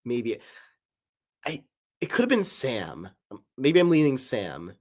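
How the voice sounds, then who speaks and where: A woman's voice: rumbling low, sing-song, slow, darkish tone. A woman chatting casually and answering viewer voice requests, giggling and rambling between them. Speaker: voice-request streamer. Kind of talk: casual Q&A chat.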